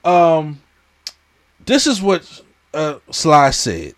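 A man's voice: a little high, huge pitch swings, very slow. A man co-hosting a casual podcast chat, often stammering and repeating his words. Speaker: podcast co-host.

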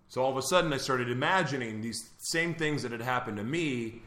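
A man hosting a live morning show speaks in an earnest, candid way as he tells a personal story. His voice sits at an ordinary middle pitch. The room around him is echoey. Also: fairly quick, few pauses, sharp tone. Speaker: host. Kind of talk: live confessional talk show.

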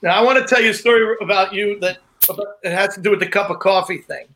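Bright-voiced man telling a quick story. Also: sits high. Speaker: comedian guest. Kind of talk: casual chat.

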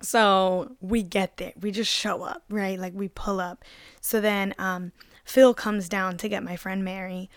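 A woman's voice: medium pitch, a little slow, no room sound. Young woman telling a story, dry close sound. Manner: animated, laughing often, casual swearing. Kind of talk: casual storytelling chat.

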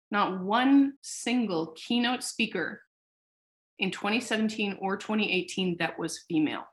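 A woman founder talking casually in an interview, telling a story with animated, acted-out quotes and casual swearing. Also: medium pitch. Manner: animated storyteller who acts out quoted dialogue. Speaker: founder of a sex tech company, podcast guest.

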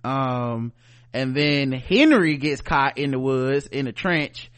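A man's voice: medium pitch, animated, slow pace, a bit bright, dry recording. Man rambling through a casual TV recap. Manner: loose, profane storytelling. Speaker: podcast co-host.

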